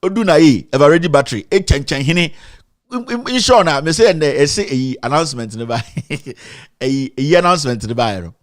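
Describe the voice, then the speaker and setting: A Ghanaian man hosts a live online show with a fairly high voice, reading out viewers' names and then ranting animatedly in mixed English and Twi. His voice sits close and dry on the mic, with no room sound. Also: expressive, fairly quick, no room sound. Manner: greets viewers by name, then rants animatedly, switching between English and Twi. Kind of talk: casual live-stream commentary.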